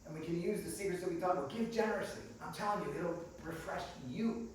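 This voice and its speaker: A man's voice: high-pitched, fast talker, slight background noise. A male pastor telling funny stories in a sermon and calling the congregation friends, recorded from a distance in a church hall. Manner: lively, humorous storyteller who calls the congregation friends. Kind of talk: storytelling sermon. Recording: echoey hall, distant mic.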